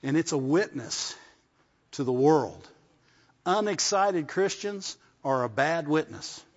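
A man preaching to his congregation in a relaxed, conversational way, pausing to ask for an "amen". His voice sits a touch high for a man. The recording sounds muffled and carries a long reverb from a large hall. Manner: conversational preaching with call-and-response asides. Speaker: pastor. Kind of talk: sermon. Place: church service.

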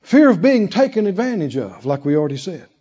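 A man preaching a sermon in an emphatic way, full of rhetorical questions and long drawn-out pauses. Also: high-pitched, very animated, mellow, highs cut off. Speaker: pastor.

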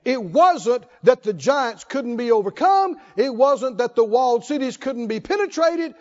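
A man's voice: very high voice, lively intonation, unhurried, lo-fi sound. A man preaching a sermon, asking questions and answering them in a folksy, call-and-response way.

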